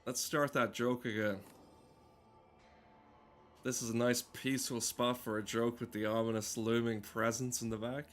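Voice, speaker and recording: A man's voice: mid-range voice, level tone, moderate pace, long pauses, a little hiss or hum. A man giving casual game commentary, rambling and self-mocking, swearing often and stumbling over fillers. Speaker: let's play gamer.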